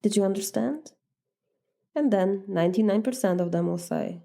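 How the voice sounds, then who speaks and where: A woman's voice: medium pitch, normal speed, gravelly, mellow. A woman with a Polish accent, a native Polish speaker, giving earnest, direct coaching advice in a podcast talk. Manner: earnest, direct, acts out sample dialogues. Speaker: life coach.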